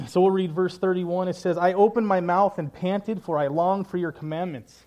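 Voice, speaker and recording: A man gives a casual sermon to a Bible study group, telling self-deprecating stories in a voice pitched a little high. His tone is warm and mellow, and he often drops into quiet, earnest reflection. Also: steady tone, normal speed.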